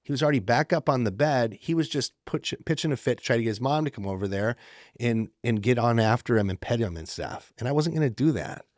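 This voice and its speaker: Lively storytelling man, dry sound. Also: mid-range voice, fast, dry recording. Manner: animated storyteller who acts out the quoted lines. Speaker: podcast co-host. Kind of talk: casual podcast chat.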